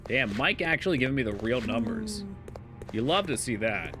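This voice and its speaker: A man's voice: medium pitch, big pitch swings, moderate pace. A man chatting casually and joking with his viewers while playing a game, swearing freely. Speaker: streamer. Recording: live stream with loud game music behind. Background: game music.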